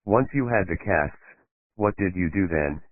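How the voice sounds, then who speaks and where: A man's voice: low-pitched, animated, measured pace, no room sound. A man reading a businesslike prosecutor. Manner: plain, businesslike questioning. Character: male prosecutor questioning a witness. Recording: tinny phone-like dry sound.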